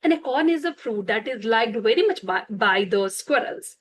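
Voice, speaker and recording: Woman reading a bedtime story, high voice, slow and unhurried, stops to explain words, faint hiss behind. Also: lively intonation, poor audio. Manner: slow, explains words for children, frequent fillers and self-corrections.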